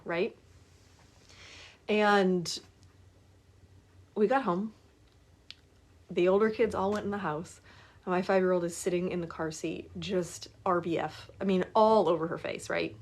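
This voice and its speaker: A woman's voice: on the low side, fairly even intonation, moderate pace, long pauses, darkish tone, husky. Chatty coach lady in her 40s, talking straight to viewers, lots of "right?". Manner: chatty, keeps asking "right?" for agreement. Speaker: life coach. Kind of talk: casual live talk to viewers.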